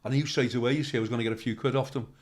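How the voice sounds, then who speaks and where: A man's voice: mid-range voice, fairly even intonation, very fast. A male comedian telling stories in casual chat, swearing freely and acting out other people's voices. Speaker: comedian guest.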